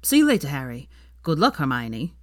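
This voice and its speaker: A woman's voice: sits low, sing-song, moderate pace, a little mellow, no echo, studio quality. A woman voicing a nervous, awkward young man in a hesitant, mild tone.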